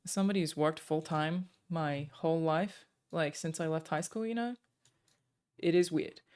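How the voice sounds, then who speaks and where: A woman streaming from home, chatting casually into a desk microphone. Her voice sits a little low for a woman. She thanks viewers one by one and fills her pauses with soft "um"s. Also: clear, resonant tone. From Australia.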